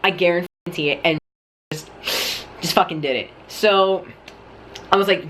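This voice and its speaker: A man's voice: high-pitched, measured pace, pauses often, fairly bright tone, slight background noise. A young man telling a dramatic story-time vlog, cursing constantly and filling his talk with "like". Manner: profane, dramatic storyteller, heavy use of "like". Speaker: vlogger.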